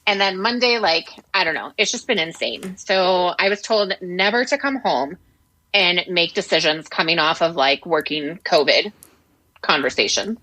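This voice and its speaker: A woman with a bright, forceful voice tells her co-hosts a candid story about her week. She talks frankly and swears a little along the way. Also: on the low side, normal speed, low-quality recording. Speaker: podcast co-host. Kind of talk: casual chat.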